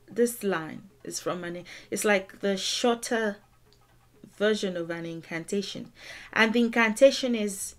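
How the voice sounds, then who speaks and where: A woman teaching a language lesson, explaining song lyrics in a deliberate, emphatic way and repeating words for stress. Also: mid-range voice.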